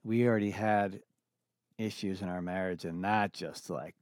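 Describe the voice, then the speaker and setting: A middle-aged man speaking as an interview guest, earnest and reflective, often halting and restarting his sentences. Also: low voice, fairly even intonation, dry recording, studio quality. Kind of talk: candid personal conversation.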